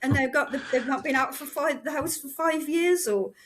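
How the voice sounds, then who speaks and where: Older female therapist guest, earnest and halting, slightly high voice. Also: a little hiss or hum. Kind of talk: casual podcast conversation.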